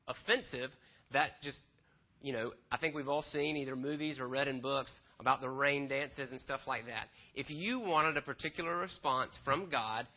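A man delivers a sermon in a chatty, animated way and keeps checking in with his listeners. His voice sits fairly high for a man. The recording is dull and lo-fi. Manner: conversational, animated retelling with frequent "right?" asides. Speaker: pastor.

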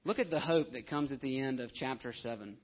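A man's voice: mid-range voice, fairly quick. A man preaching a conversational sermon, now and then acting out the voices of the people in his story. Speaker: pastor. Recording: dull lo-fi audio.

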